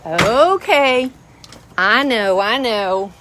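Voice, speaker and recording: In the rain beside her chicken coop, a woman vlogs casually and homily, addressing viewers and chickens. She speaks a little slowly at medium pitch, recorded from a distance in an echoey way, with loud outdoor noise, clucking chickens and a rooster around her.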